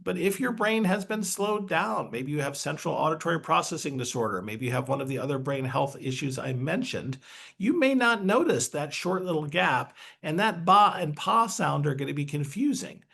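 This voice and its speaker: A man's voice: a little high, expressive, normal speed, creaky, fairly bright tone, husky. A man presenting a webinar, explaining a brain training exercise in a chatty, upbeat way.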